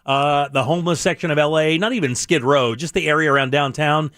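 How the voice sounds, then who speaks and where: A man's voice: fairly high pitch, fairly even intonation, fairly quick, fairly bright tone, no echo. A middle-aged man hosting a radio show in a studio, chatting casually, laughing often and restarting his sentences. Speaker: radio host.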